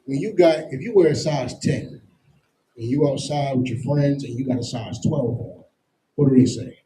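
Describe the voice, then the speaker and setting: Dark-voiced man teaching scripture. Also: medium pitch, moderate pace, rough recording. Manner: emphatic, repeats "you understand?" constantly; explains with everyday comparisons and slang. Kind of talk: street-style Bible lesson.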